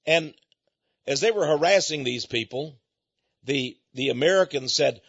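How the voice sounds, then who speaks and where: A man's voice: a little high, unhurried, creaky, pauses often, fairly bright tone, slightly rough, no echo. A man preaching an emphatic, repetitive monologue that speaks directly to his listeners. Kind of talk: radio-style sermon monologue. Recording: dull, muffled dry recording.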